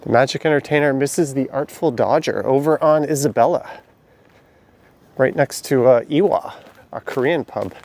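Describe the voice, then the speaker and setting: A man's voice: medium pitch, normal speed, darkish tone. A man, walking city alleys at night on a live stream, chatting and answering viewers' questions as he goes. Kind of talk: casual live-stream narration reading chat.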